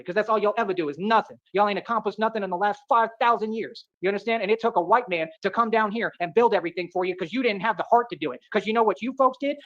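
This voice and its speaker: Fast-talking boastful man. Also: high-pitched, fairly bright tone. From Atlanta, United States. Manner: boastful, repetitive, keeps saying "real talk". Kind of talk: boastful rambling rant.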